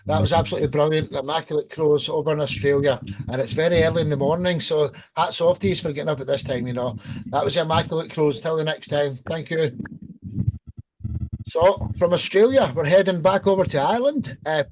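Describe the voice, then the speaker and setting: A male host runs a live online music show, lavishing praise on guests and calling them brother. His voice is slightly high. A faint hiss and occasional clicks sit under the video-call audio. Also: brisk. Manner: effusive, addresses guests as brother. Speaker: podcast host.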